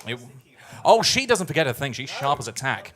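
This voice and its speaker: A man's voice: medium pitch, very animated, brisk, fairly bright tone. A man hosting a live musical theatre night, chatting in a self-mocking, playful way. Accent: Scottish. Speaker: host. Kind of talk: live cabaret hosting banter. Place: live music club venue.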